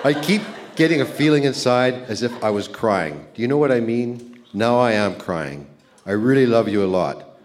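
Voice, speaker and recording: A man's voice: medium pitch, lively intonation, normal speed, a little hiss or hum. A man in his sixties from Canada reading his old love letters aloud on a live stage, playful and chuckling at himself. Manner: playful, self-mocking, chuckling at his own lines. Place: live event centre stage.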